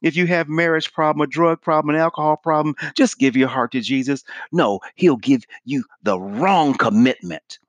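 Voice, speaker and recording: Earnest, higher-voiced male preacher. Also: normal speed, hardly any pauses, no echo. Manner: earnest and emphatic, repeats key points. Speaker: evangelism teacher. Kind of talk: teaching sermon.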